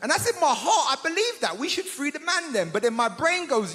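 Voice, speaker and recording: A man does stand-up in a big theatre. His voice sits high and moves through a very wide range. The room is roomy with a long tail of reverb, and the crowd is clearly heard. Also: brisk, few pauses. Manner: lively, conversational, slips into voices of friends. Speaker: stand-up comedian. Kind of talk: stand-up set. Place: large theatre stage with audience.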